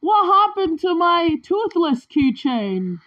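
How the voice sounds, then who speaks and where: A woman's voice: very high voice, sing-song, takes it slowly, lo-fi sound, pitched above the performer's own voice, heavily acted. A woman quoting a young male friend who hurries sleepers awake, in a nagging tone.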